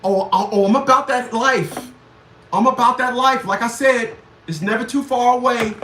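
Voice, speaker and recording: A man hosting a livestream, ranting crudely with loud laughs and shouted outbursts. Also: very high-pitched, normal speed, a little hiss or hum. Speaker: livestream show host. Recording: echoey room, far from the mic.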